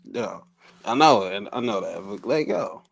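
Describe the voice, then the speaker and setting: Lively Baltimore-accented man, joking. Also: fairly low pitch, a little slow, vocal fry, no echo. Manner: playful, laughs a lot. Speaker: podcast co-host. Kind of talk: casual banter.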